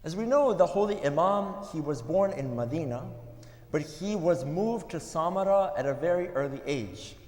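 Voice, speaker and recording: A man giving a sermon at a religious gathering, telling stories in an earnest way with pauses. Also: a little high, lively intonation, a little mellow. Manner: earnest, storytelling with pauses, some restarts. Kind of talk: sermon storytelling. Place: mosque hall. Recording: echoey hall with long reverb.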